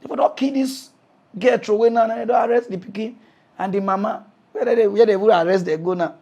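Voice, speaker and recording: High-voiced Nigerian Pidgin comic. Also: male voice, quick pace, dull audio. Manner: animated, laughing, swings between shouting and muttering. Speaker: comedian hosting a mock news show.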